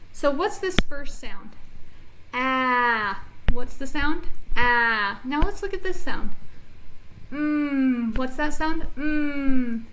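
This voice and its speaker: A woman teaching an early reading phonics lesson to children, speaking clearly and encouragingly as she models each sound. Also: high voice, fairly bright tone, slight background noise, poor audio.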